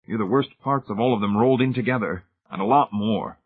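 A man reading a soft, sardonic weary man. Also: lowish voice, brisk, slightly rough. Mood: dry. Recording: tinny phone-like sound.

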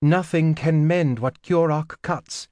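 A man voicing an older woman of a religious order, gentle but firm. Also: a little high, slow, no echo, voice pushed up.

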